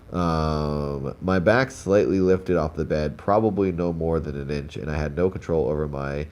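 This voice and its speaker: A man's voice: a bass voice, darkish tone. A young man, sounding congested, reads stories aloud on a live stream as host and breaks off for casual comments. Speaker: host reading viewer stories.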